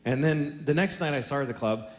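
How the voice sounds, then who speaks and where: A man in his forties doing a stand-up comedy set on a theater stage, telling blunt, exaggerated stories in an animated way. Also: medium pitch, fast. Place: theater stage before a live audience. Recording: roomy hall with audience noise.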